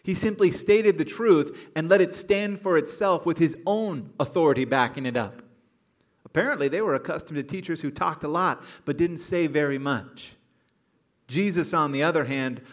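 A man preaching a sermon as pastor in a church auditorium, earnest and emphatic. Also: a little high. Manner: earnest, building to emphatic exhortation.

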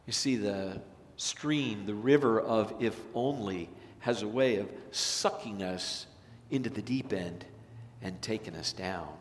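A man preaching a sermon as pastor, animated, swinging from loud, energetic lines to hushed ones. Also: on the low side, measured pace. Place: church sanctuary. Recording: long reverb of a church sanctuary.

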